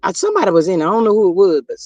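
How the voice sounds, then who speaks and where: A man's voice: high-pitched, huge pitch swings, very fast, a little mellow, dry recording, muffled recording. A man hosting a casual gossip livestream, chatting to viewers and reading their comments aloud. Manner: chatty, reads viewer comments aloud, drawling asides to chat. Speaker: livestream host.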